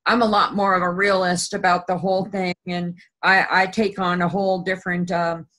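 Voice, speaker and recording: A woman hosting an interview, talking hesitantly with many pauses and restarts. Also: fairly low pitch, level tone, fairly bright tone, a little hiss or hum, low-quality recording. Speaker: host. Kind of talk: casual interview.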